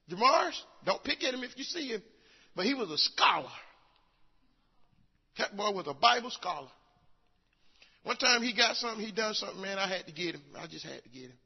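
Older man preaching, high lively voice, folksy storyteller, muffled echoey church recording. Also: slightly rough. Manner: folksy storytelling with acted quotes, rising to shouts. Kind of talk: sermon.

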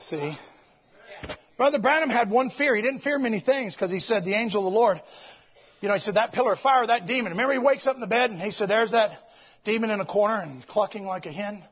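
A man preaching a sermon to his congregation, swinging between loud exclamations and quiet, low passages. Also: fast, breathy edge. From United States. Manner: animated preaching, swings between shouting and hushed. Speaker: pastor. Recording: dull lo-fi recording.

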